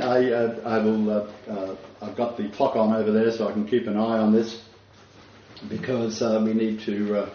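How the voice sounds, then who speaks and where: A man with a fairly low voice gives a spiritual lecture to a small group, pausing often and restarting his sentences. He sounds distant from the mic in an echoey room. The recording is dull with a faint hiss behind. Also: darkish tone. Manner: halting, frequent fillers and restarts. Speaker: rabbi lecturer.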